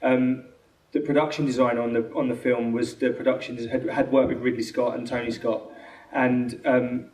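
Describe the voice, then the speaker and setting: A man with a London accent, a film director answering questions after a screening, talking quickly with many restarts and acted-out quotes. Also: mid-range voice, level tone, darkish tone. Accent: London English. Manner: fast, rambling, full of restarts and quoted dialogue. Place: cinema auditorium. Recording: echoey hall from far off.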